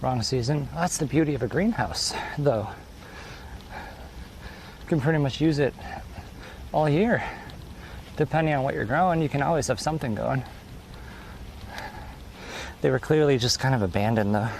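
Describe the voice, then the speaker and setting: Walking along a countryside road, a man live-streams and chats loosely with viewers, a little out of breath from the climb. His mid-range voice has vocal fry and a darkish tone, moving at a moderate pace with frequent pauses. The audio is poor, with a little hiss or hum.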